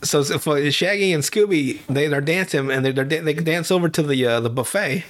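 A man's voice: fairly high pitch, brisk. A man hosting a podcast, casually recapping a cartoon with a lot of swearing and laughter. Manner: profane, laughing storyteller who recaps cartoons; animated, jumps into silly character voices. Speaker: podcast host. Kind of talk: casual chat.

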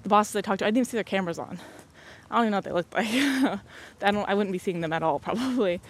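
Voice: medium pitch, quick pace, slight background noise. A young adult podcast host chatting casually, laughing often and acting out what others said. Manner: laughs often, acts out quoted dialogue. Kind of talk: casual storytelling chat.

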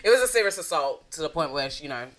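A woman co-hosting a casual true-crime podcast, chatty and quick to laugh, with lots of "like" and "um". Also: low-pitched, sing-song. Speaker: podcast co-host.

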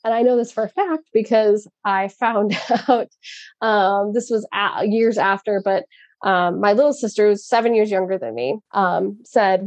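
A woman's voice: medium pitch, moderate pace, darkish tone, no echo. Earnest middle-aged woman, dry close sound. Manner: earnest, reflective, laughs often, acts out quotes. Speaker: program participant sharing her story. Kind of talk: casual conversation on a call.

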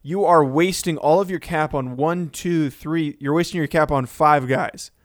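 Measured man with a smooth, slightly high voice. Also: dry recording, studio quality. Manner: measured, steers the talk, restarts often. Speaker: podcast co-host. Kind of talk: sports talk analysis.

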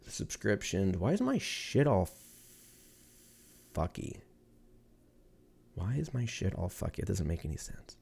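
Rambling, profane podcast host, low voice. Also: male voice, very animated, a little slow, gravelly, pauses often, darkish tone, husky. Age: 30s. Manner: rambling, profane, laughs at his own jokes. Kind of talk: casual solo podcast chat.

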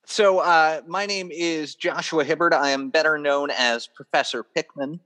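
A man who makes toys, a guest on a casual podcast, telling stories in an animated, theatrical way. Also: fairly high pitch, unhurried. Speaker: toy maker guest.

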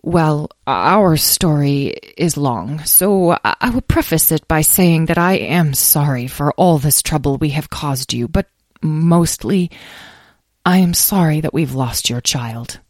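A woman's voice: deep voice, expressive, slow pace, no echo, studio quality, full character voice. A woman doing a formal elderly guild leader. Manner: courteous, apologetic, stammering.

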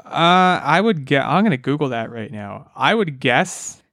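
A man's voice: mid-range voice, big pitch swings, a little slow, a bit bright, no room sound, clean studio sound. A man co-hosting a casual podcast, talking eagerly and rambling with restarts. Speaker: podcast co-host, game expert.

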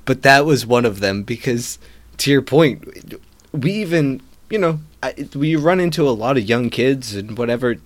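A man's voice: medium pitch, lively intonation, moderate pace. A man in a casual gaming chat, amused, stopping and restarting his sentences.

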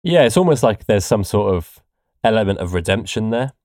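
A man's voice: lowish voice, big pitch swings, fairly quick, darkish tone, dry recording, studio quality. A man co-hosting a casual podcast, explaining poetry with laughing asides. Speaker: podcast co-host.

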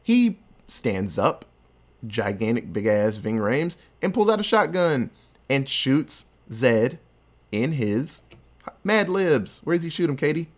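A man's voice: medium pitch, slow pace. Man animatedly recapping a movie. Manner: animated, loose storytelling with crude jokes. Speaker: podcast host.

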